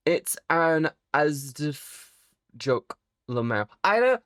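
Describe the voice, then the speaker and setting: Lively low-voiced woman streamer. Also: unhurried, no echo, clean studio sound. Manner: playful, teasing and profane, with sudden high squeaky jumps. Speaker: live streamer. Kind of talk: casual live-stream chat with viewers.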